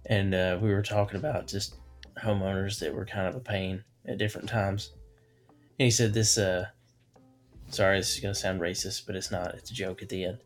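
Low-voiced man telling a story. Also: flat delivery, faint music behind. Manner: halting, full of fillers, laughs easily. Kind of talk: casual storytelling chat.

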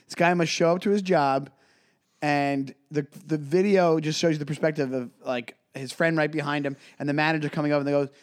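Slightly high-voiced rambling young man. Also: brisk. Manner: relaxed, rambling, stumbles over words. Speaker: podcast co-host; comedian. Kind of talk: casual chat.

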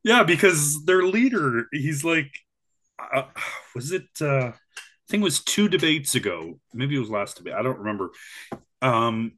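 A man co-hosts a casual talk podcast in a bright, forceful voice. He gives blunt opinions, pausing and restarting as he works out what he means. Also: mid-range voice, very animated. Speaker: podcast co-host. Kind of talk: casual chat.

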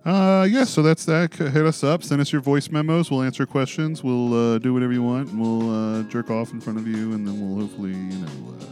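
A man's voice: medium pitch, steady tone, quick pace, few pauses, darkish tone, faint music behind. A man co-hosting a podcast in casual, crude banter, laughing often and joking loosely. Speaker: podcast co-host.

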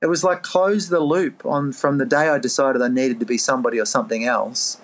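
Earnest Australian man telling his story. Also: brisk. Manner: earnest, animated, jumps into a higher voice to act out his own past thoughts. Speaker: guest, life coach. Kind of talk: reflective podcast storytelling.

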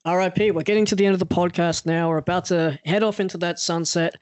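Lively podcast host, dry sound. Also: male voice, high voice, fast, clean tone, no echo. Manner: animated storyteller, swears freely, acts out quotes. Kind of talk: casual podcast interview.

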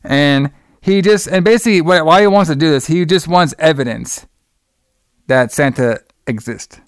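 Smooth, dry-voiced man telling a story. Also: on the high side, moderate pace, no echo. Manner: profane, laughs often, rambling storyteller. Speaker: podcast co-host recapping a movie. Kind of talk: casual chat.

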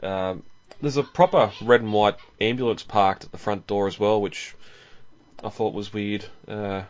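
A man's voice: on the low side, steady tone, measured pace. A man hosting a casual film commentary podcast, rambling with fillers and frequent chuckles. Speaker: podcast host. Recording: dull lo-fi audio.

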